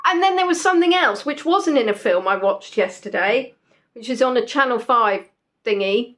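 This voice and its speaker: A woman's voice: a little high, lively intonation, normal speed, fairly bright tone. Chatty woman hosting a quiz. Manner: chatty, reads out answers, jokes with players. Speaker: quiz host. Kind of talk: casual live quiz chat.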